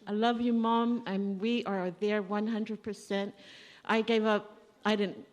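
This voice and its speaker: Speaking at her father's family funeral in a church, a woman uses a mid-range voice with a flat, unhurried delivery, and the hall adds a long reverb. Her eulogy is conversational storytelling, complete with acted-out recollections of what people said.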